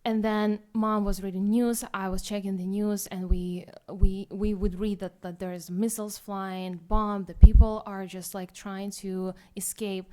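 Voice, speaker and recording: A young woman with a Ukrainian accent tells her own story at a forum, halting and self-deprecating, with many restarts. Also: mid-range voice, little pitch movement, warm tone. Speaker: guest speaker, student.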